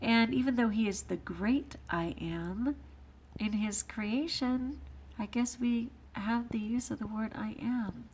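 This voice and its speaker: A woman vlogger and teacher, thinking aloud in a soft-spoken, musing way and sometimes dropping to a whisper. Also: fairly high pitch, takes it slowly, breathy edge. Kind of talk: reflective casual vlog talk.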